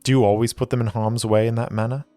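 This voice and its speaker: A man's voice: mid-range voice, level tone, fast, dark tone, soft background music, voice pushed up, natural voice. A man voicing a wry, aloof young male ex-sailor recruit, guarded and dry, close to his own voice.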